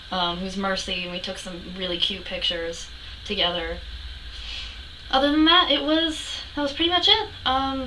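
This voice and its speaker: A woman's voice: a little high, pushed and bright, far from the mic, slight background noise, poor audio. A young woman recapping a convention in a casual vlog, gushing and breathless, with lots of restarts and casual swearing. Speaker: vlogger.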